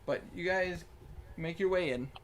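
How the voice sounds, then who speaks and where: Young male dungeon master, slightly high voice, lively narration with restarts, faint background hiss. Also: a little slow. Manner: animated, laughs often, stumbling restarts. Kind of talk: narrating a tabletop game over voice chat.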